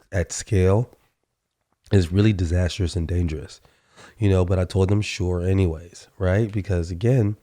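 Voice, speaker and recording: A man with a low, dark and slightly hoarse voice hosts a solo podcast. He talks casually and loosely, with plenty of fillers and restarts. His tone stays mellow and easygoing. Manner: relaxed, chatty, many fillers and restarts. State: hoarse, recovering from a sore throat. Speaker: podcast host.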